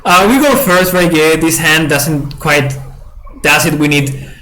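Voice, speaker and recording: A man's voice: a little high, unhurried, pushed and bright, slight background noise, poor audio. A young man giving casual commentary on a digital card game, stammering through restarts and laughing apologetically at his opponent.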